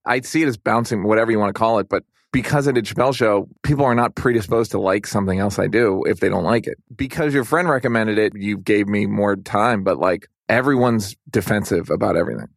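A man's voice: on the low side, quick pace, gravelly, hardly any pauses, no room sound, clean studio sound. A middle-aged man talking loosely in a casual podcast conversation, rambling and full of "like". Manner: loose and rambling, heavy use of "like". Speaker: guest.

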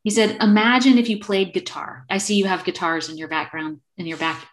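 With a steady, brisk, medium-pitched voice, a fifties-aged acupuncturist shares a story as a video call guest. It's a relaxed storytelling interview, and she performs the quoted dialogue.

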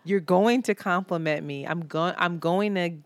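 A woman in her thirties co-hosting a casual podcast, telling animated stories, acting out friends' lines and laughing often. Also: fairly low pitch, normal speed, dry recording. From Philadelphia. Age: 30s. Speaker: podcast co-host. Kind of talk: casual chat.

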